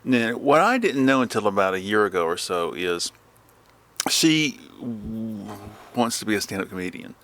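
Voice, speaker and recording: A man's voice: lowish voice, sing-song, normal speed, a bit bright, slight background noise. A man hosting a casual podcast chat at home, rambling and telling stories. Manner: rambling, mimics voices when retelling. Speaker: podcast host.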